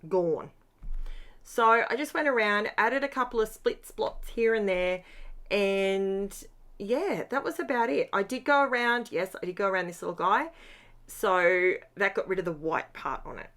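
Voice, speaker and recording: A woman's voice: medium pitch, unhurried, a bit bright. A middle-aged woman, chatting casually as she narrates her scrapbooking, tired after a long day. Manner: chatty, upbeat, rambling asides. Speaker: craft vlogger.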